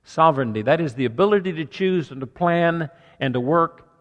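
A man's voice: fairly high pitch, expressive, a little fast, big-room sound, lo-fi sound. A man preaching a sermon as pastor, earnest and conversational, working through numbered points.

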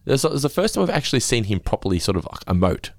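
A man hosting a podcast, giggling often and slipping into animated impressions as he recaps an episode. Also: medium pitch, quick pace, no room sound, clean studio sound. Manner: giggly, jumps into animated impressions when quoting. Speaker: podcast host. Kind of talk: casual recap chat.

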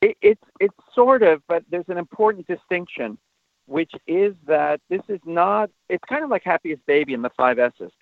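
A man answering interview questions as a parenting expert, explaining at length and turning animated when he shows how to talk to children. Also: sits high, normal speed, no room sound. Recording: tinny phone line, dry.

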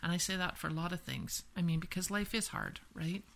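A woman's voice: lowish voice, a little fast, creaky. A woman from Canada, a women's empowerment and yoga teacher, talking through boundaries in a casual podcast conversation and acting out example phrases, often asking "right?". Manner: explains with repeated "right?" and acted-out example phrases.

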